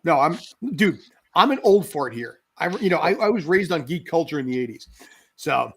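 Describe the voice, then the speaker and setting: A man's voice: fairly high pitch, very animated, moderate pace, creaky, a bit bright, slightly rough. A man in his forties co-hosting a podcast, talking in a rambling, sarcastic way that keeps cutting itself off. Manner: rambling, self-interrupting, sarcastic. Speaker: podcast co-host. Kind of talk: casual chat.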